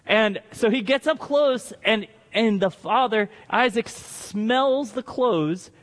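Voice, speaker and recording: A man preaching a sermon to a congregation, telling a story in a lively way with joking asides. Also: high-pitched, slow, hardly any pauses. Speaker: pastor. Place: church hall with congregation. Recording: long reverb of a large hall.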